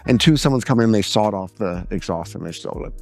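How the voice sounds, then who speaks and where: Animated man telling stories on stage. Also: lowish voice, fast talker, faint music behind. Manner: animated storyteller, mimics other voices. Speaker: speaker. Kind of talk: seminar talk with acted-out anecdotes.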